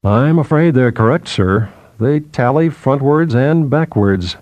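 A calm, polite young student who answers evenly and respectfully, read by a man. His speech is unhurried and sounds dry and close, with no room sound. The figure comes from a spoken storybook. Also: low-pitched, creaky, dry recording, full character voice. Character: placid polite male university student.

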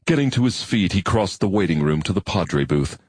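Low, husky male narrator, measured read, dry close sound. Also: lively intonation, no room sound. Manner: measured, reflective reading. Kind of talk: audiobook narration.

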